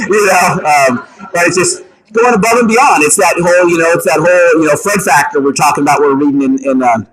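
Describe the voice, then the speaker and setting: A man leading a meeting for real estate agents, coaching them in an energetic way and often checking in with the room. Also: fairly high pitch, poor audio. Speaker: meeting leader at a realty office.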